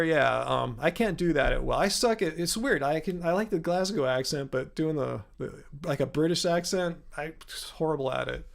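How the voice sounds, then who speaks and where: A man's voice: a little high, vocal fry. A man from the United States hosting a live Q&A stream, talking in a loose, rambling way full of fillers. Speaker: host.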